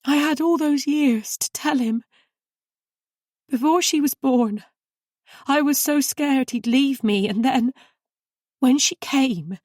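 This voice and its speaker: A woman's voice: on the high side, darkish tone, dry recording, studio quality, voice pushed up, close to an everyday voice. A woman reader voicing a fragile, guilt-ridden woman who pleads and confesses through tears. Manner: tearful, pleading, emphatic.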